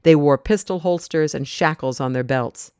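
A reader narrating an audiobook story in an even, measured way. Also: medium pitch, clean tone, dry recording, clean studio sound.

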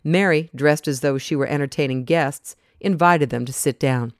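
Audiobook reader, steady measured telling, smooth clean voice, dry close sound. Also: mid-range voice, dry recording. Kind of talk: audiobook narration.

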